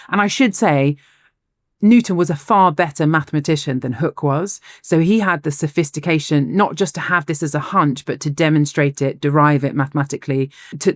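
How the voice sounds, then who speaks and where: A woman co-hosting a podcast, telling a story in casual chat, animated, laughing often and restarting her sentences. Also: sits low, no echo, studio quality. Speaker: podcast co-host.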